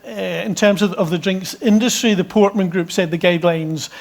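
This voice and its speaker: A middle-aged man from Scotland presents findings to a meeting of experts in a slightly raised voice. He keeps stopping to restart his phrases and fills the gaps with ums, but his explanations stay dry and measured. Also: high-pitched, steady tone, vocal fry. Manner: hesitant, many restarts and fillers. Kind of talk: conference presentation.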